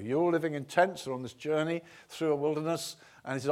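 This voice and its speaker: A man preaching a sermon, retelling a story with swings from quiet to loud and many restarts. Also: a little high, lively intonation, fast, husky.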